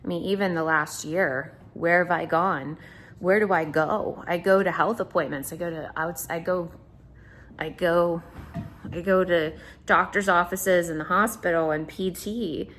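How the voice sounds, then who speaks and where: A woman's voice: lowish voice, steady tone, unhurried, a bit bright, slight background noise. A woman talking casually in a video diary, chatty and rambling, often restarting her sentences and talking to her dog. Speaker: vlogger.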